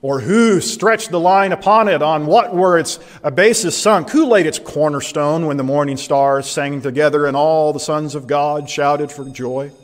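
A man's voice: a little high, measured pace, few pauses, natural voice. A man preaching voices God as a commanding, sarcastic male deity who fires off rhetorical questions. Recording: long hall reverb.

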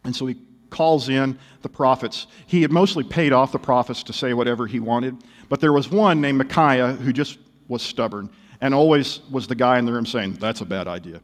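A man's voice: medium pitch, normal speed, big-room sound. A male pastor preaching a sermon, telling stories animatedly with wry humor.

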